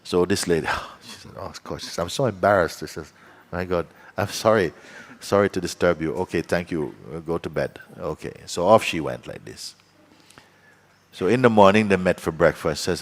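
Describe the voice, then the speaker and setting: A man's voice: sits low, moderate pace. A man, a spiritual teacher, telling a story at a satsang and acting out the voices of its people, chuckling as he goes.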